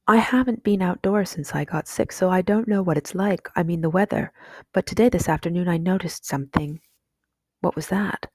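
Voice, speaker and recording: A woman's voice: lowish voice, normal speed, no echo, natural voice. A woman reading an audiobook, voicing a sickly young boy who speaks seriously and thoughtfully.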